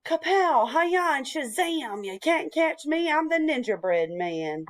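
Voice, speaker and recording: Woman playing cocky gingerbread ninja, high, shouty taunts, storybook. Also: animated, unhurried. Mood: taunting. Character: boastful acrobatic gingerbread ninja cookie.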